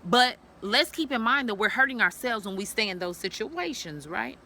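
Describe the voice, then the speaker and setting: Her fairly high voice is pushed and bright, with lively intonation at a normal speed, as she shares a personal story on camera. It's a candid storytelling vlog, full of profanity and direct appeals to other women.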